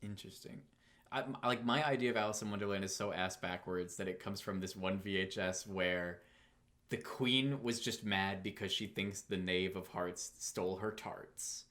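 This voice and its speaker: In a casual podcast chat, this male co-host rambles along enthusiastically. His low voice is a bit bright and steady in tone, delivered at a normal speed.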